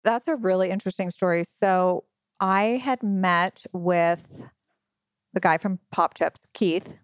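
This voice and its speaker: A woman's voice: lowish voice, slow, clean tone, no room sound, studio quality. A middle-aged woman who founded a company, telling her story in an interview in a chatty way, with many fillers and acted-out quotes. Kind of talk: interview conversation.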